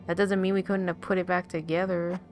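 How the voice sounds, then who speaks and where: A woman reading the lines of a tender lost loved one in a dream in a story game, quietly, over game music. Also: fairly low pitch, flat delivery, brisk, close to an everyday voice.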